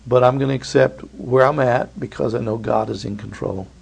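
A man's voice: medium pitch, fairly even intonation, moderate pace, gravelly, slightly rough. A man preaching a sermon, reading scripture and acting out the voices of biblical figures.

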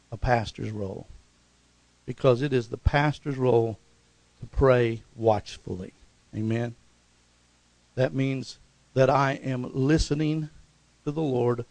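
Pastor preaching, dry close sound. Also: male voice, medium pitch, creaky, a little mellow, no room sound, poor audio. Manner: preaching with frequent call-and-response "Amen?"; rises to emphatic repeated exhortations. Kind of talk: sermon.

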